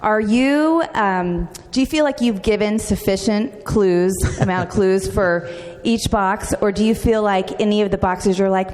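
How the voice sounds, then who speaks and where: A woman's voice: medium pitch, measured pace, hardly any pauses, a little mellow. A woman in the audience asking a chatty, playful question at a live Q&A. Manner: chatty, playful, quotes imagined thoughts. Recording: echoey convention hall reverb.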